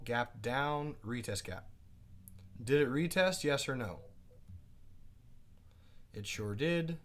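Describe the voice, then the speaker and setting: A man teaching a live day trading class, chatting casually, asking his viewers quick questions and reading out their comments. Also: mid-range voice. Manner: asks quick questions to the audience.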